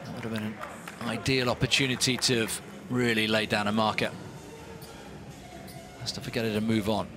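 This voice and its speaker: A man's voice: lowish voice, fairly quick, music in the background. Man calling volleyball play-by-play. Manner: animated, rising with big points. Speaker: sports commentator. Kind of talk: live play-by-play commentary.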